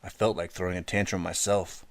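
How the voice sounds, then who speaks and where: A man narrating an audiobook in a steady first-person storytelling manner, close to the mic. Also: low voice, fairly quick, no room sound. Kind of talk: scripted narration.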